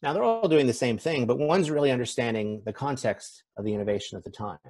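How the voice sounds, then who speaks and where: Husky man giving a conversational keynote. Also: medium pitch, fast, a little mellow. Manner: conversational, self-deprecating, with fillers. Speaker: conference speaker. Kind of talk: conference keynote talk. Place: event stage.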